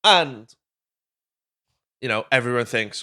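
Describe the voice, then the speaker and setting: A Welsh podcast host recaps a movie in casual chat, swearing freely and wandering onto tangents. His voice is lowish and sharp, and he speaks a little slowly.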